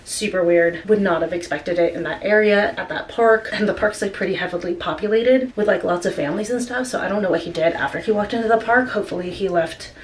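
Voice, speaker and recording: A woman's voice: medium pitch, quick pace, hardly any pauses, slight background noise. A young woman telling a story in a casual vlog, chatty, with many filler words. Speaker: vlogger.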